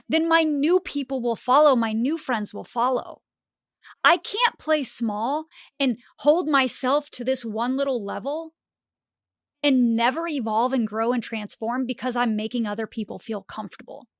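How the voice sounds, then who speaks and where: Animated woman podcaster, bright high voice. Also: measured pace, no echo, studio quality. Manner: animated, acts out inner voices, frequent "like" fillers. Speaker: podcast host. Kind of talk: motivational podcast monologue.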